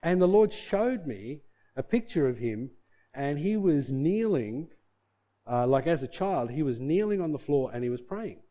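A man's voice: a little high, sing-song, unhurried, lo-fi sound. A man preaching a sermon, reading scripture and telling a personal story in an earnest, conversational way. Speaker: pastor.

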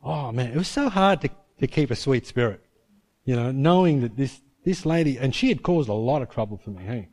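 A school chaplain, telling a personal story in an animated, self-deprecating way. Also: male voice, mid-range voice, brisk. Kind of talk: storytelling testimony.

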